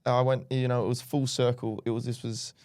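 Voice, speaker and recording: Young Australian male co-host, mid-pitched, playful and mock-dramatic, dry close mic. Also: flat delivery, a little fast, a little mellow, dry recording. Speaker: podcast co-host. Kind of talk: casual chat.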